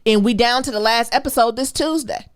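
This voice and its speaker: A woman co-hosting a podcast, chatting casually about TV shows, animated and laughing often with quick asides. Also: on the high side, smooth, dry recording, studio quality. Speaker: podcast co-host.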